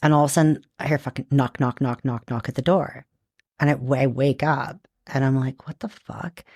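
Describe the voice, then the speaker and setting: A woman from Canada, a podcast guest, telling a story in a casual, animated and profane way, full of "like". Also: very deep voice, no room sound, studio quality. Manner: animated, profane, quick with frequent "like".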